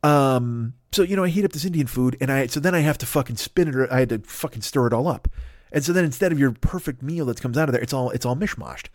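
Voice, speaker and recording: Male podcast host, comic solo rant, swears a lot, wanders off on tangents, medium pitch, dry close sound. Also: fast, dry recording. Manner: profane, rambling, tangent-driven rant. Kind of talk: comedic solo monologue.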